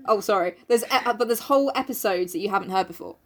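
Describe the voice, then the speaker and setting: A woman's voice: medium pitch, fast. A woman from the UK co-hosting a casual podcast, giggly and sweary, reading from a classic novel between jokes. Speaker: podcast co-host.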